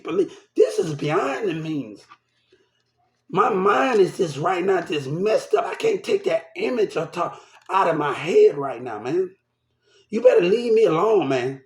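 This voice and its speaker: A man's voice: high voice, a little mellow, echoey room. An upset man ranting to the camera, agitated and repeating himself, shaken and swearing. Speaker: vlogger. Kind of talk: angry rant to camera.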